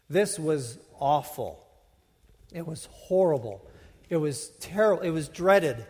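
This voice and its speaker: A man's voice: a little high, in a large hall. A man preaching a sermon, teaching in a conversational way with frequent restarts and repeated words. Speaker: pastor.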